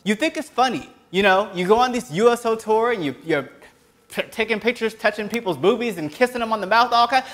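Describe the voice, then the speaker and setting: High-voiced, fiery man ranting. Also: brisk. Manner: impassioned, sarcastic, breaks into yelling. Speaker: host of a web commentary show. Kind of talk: solo political commentary rant.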